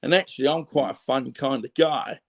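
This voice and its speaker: A man's voice: mid-range voice, a little fast. A middle-aged man with a Cockney accent talking candidly as an interview guest, rambling and tagging on "you know what I mean" asides. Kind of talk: candid reflective conversation.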